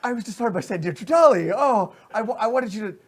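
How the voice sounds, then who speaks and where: A man's voice: sits high, sing-song, fast talker, mellow, husky, pitched above the performer's own voice, heavily acted. A man voicing a timid, fawning male goblin guard who is a starstruck fan, gushing and flustered. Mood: pained gushing.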